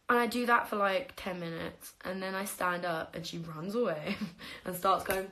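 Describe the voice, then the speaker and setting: A young woman talks casually to her viewers on a phone livestream, spinning stories about her own life. She laughs often and swears freely. Her voice sits at a middle pitch with a gravelly, creaky texture. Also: moderate pace, sharp tone.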